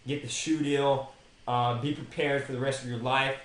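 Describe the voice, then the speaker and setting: A man's voice: mid-range voice, little pitch movement, moderate pace, slight background noise. Young man with opinions in a roomy space. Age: young adult. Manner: opinionated, addresses players directly. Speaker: podcast co-host. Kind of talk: casual sports chat. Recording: roomy echo.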